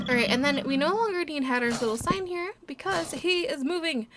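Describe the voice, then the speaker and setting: A bright, high-pitched woman chatters through casual gameplay commentary with a bubbly, giggly manner. She coos fondly over the animals as she walks her viewers around. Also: animated, brisk, few pauses, background noise. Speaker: let's play host.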